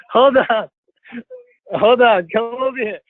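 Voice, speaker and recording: A man hosting a casual podcast, talking in an excitable, giggly, coaxing way. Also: extremely high pitch, takes it slowly, no room sound. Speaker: podcast host. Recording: dry tinny phone-like audio.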